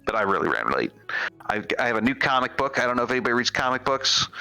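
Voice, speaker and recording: A man's voice: mid-range voice, big pitch swings, fast, gravelly, pushed and bright. A man co-hosting a live game stream, joking and self-deprecating in casual chat. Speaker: stream co-host and commentator. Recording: faint music behind.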